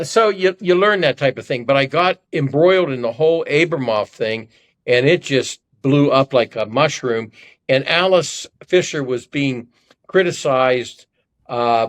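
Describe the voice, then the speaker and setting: An older man from Ohio, a podcast guest telling self-deprecating, rambling stories in casual conversation. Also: mid-range voice. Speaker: podcast guest, former congressman. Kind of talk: conversational storytelling.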